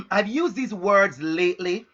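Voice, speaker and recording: A man delivering an emphatic, frank motivational talk, driving home each point through repetition. His voice is bright and a little husky. The stream audio is dull and lo-fi. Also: high-pitched, animated, slow. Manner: emphatic, repeats phrases for stress; frank and direct. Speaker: motivational speaker.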